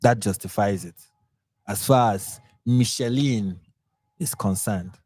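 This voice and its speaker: Speaking slowly in a low, darkish voice, a Nigerian man with a Nigerian accent hosts his own channel. He mocks posts with sarcastic live commentary, rambling and restarting or repeating himself along the way. The recording has no room sound.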